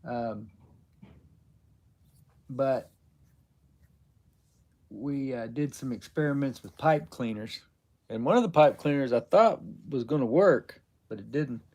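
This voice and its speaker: A man of middle pitch chats casually on a live stream, answering viewers as he goes. He rambles and halts often, filling gaps with ums and you-knows. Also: expressive, takes it slowly, pauses often, a little mellow. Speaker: livestream host.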